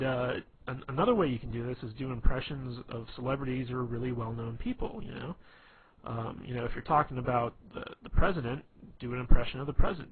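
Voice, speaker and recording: Man, mid-pitched, rambling advice vlogger, tinny phone-like sound. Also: a little hiss or hum. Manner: rambling, loose, full of "you know" and restarts. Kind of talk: casual advice monologue.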